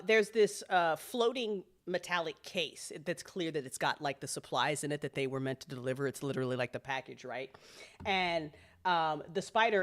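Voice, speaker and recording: A woman running a tabletop role-playing game as game master in a loose, laughing, profane way. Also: on the low side.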